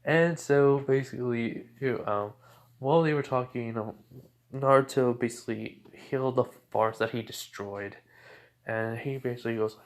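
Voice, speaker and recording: A man's voice: mid-range voice, moderate pace. A young man casually retelling a fan-made story, rambling with many fillers and restarts.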